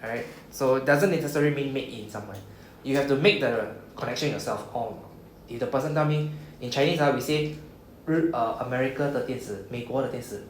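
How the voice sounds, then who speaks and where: A man's voice: mid-range voice, quick pace. Man teaching with a Singaporean English lilt. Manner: explains patiently, frequent "okay?" and "right?" checks. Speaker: Japanese language teacher. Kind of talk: classroom lesson. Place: classroom. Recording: echoey room, faint background noise.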